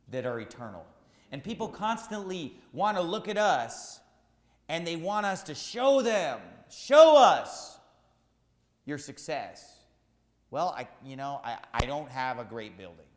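Pastor guy preaching hard, kinda high voice, roomy echo everywhere. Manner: emphatic preaching, rising to shouts. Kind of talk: sermon.

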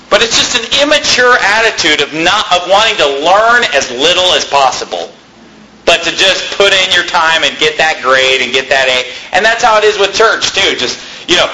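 A man preaching a sermon as a pastor, animated and imitating people he describes. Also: fairly high pitch, fairly quick, echoey room, a little hiss or hum, poor audio.

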